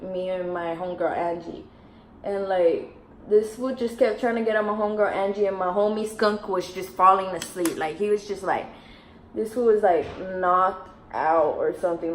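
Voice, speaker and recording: A young woman from telling a story while doing her makeup, in an animated slangy way full of fillers and swearing. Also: mid-range voice, a little hiss or hum, low-quality recording. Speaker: beauty vlogger.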